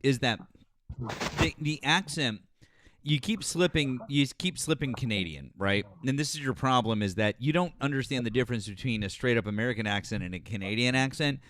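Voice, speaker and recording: A man's voice: medium pitch, brisk, fairly bright tone, a little hiss or hum. A male host in casual call-in chat, teasing and mocking the caller.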